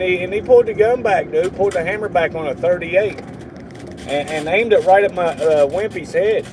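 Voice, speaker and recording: Against a noisy background, a man with a slightly high voice hosts a livestream. His casual storytelling rambles along, drawling and full of profanity.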